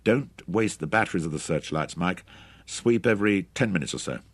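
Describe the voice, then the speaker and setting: A man's voice: sits low, animated, brisk, breathy edge, dry recording, exaggerated voice. A man voicing a tough mercenary commander who gives curt, commanding orders.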